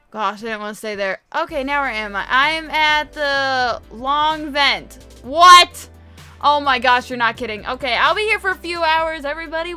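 A chatty woman gives casual gameplay commentary in a high, bright voice. She is excitable and quick to exclaim, with faint music playing behind her. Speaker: gamer, video host.

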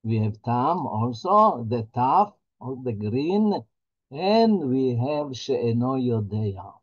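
A man, a rabbi, teaching a holiday Torah class in a halting, earnest way, often repeating his words. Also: medium pitch, big pitch swings, lo-fi sound.

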